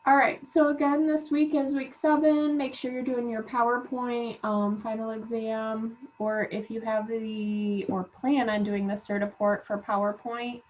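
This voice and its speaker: A woman college instructor giving relaxed class reminders with lots of "um" fillers, while feeling unwell. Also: fairly high pitch, a little slow, hardly any pauses. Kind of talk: recorded class announcements. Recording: dull lo-fi class recording.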